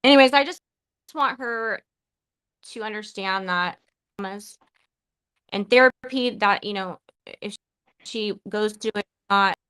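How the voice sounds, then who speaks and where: A woman's voice: mid-range voice, measured pace, long pauses, a bit bright, clean tone, no room sound, low-quality recording. A woman hosting a live podcast, talking in an emotional, profane way and often stopping and restarting her sentences. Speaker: podcast host.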